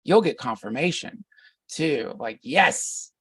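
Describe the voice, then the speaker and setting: A man's voice: medium pitch, animated, slow pace, fairly bright tone, breathy edge, dry recording, far from the mic. A middle-aged man talking as a podcast guest, reflective and meandering, often restarting his sentences. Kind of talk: casual conversation.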